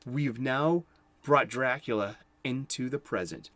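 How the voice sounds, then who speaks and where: A man's voice: medium pitch, unhurried, fairly bright tone, no room sound. A man giving casual commentary on horror movies, rambling and chuckling, with many restarts.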